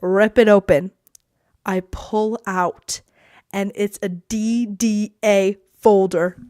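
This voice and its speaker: A woman's voice: medium pitch, fairly even intonation, slow pace, a little mellow, smooth, no echo, clean studio sound. Chatty, bubbly teenage girl podcaster. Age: teens. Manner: bubbly, chatty, says "like" a lot. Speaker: podcast host. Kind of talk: casual storytelling. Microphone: podcast mic that cuts out.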